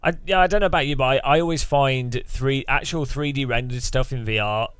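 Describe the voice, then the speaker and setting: A man's voice: mid-range voice, a little fast, fairly bright tone, smooth, no room sound, soft background music. A British man chatting casually on a live stream, rambling through his thoughts with lots of restarts and fillers.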